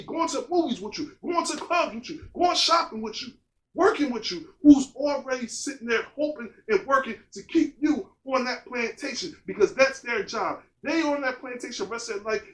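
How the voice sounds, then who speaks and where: Guy with a really high voice giving a fired-up motivational talk, lots of repeating lists, echoey room. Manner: emphatic and repetitive, with preacher-like lists and rhetorical questions. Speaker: motivational speaker. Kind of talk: motivational monologue. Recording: roomy echo.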